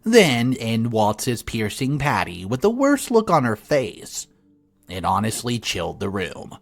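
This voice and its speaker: A man's voice: medium pitch, huge pitch swings, measured pace, gravelly, faint music behind. A man narrating an online family-drama story in a sarcastic, wry tone.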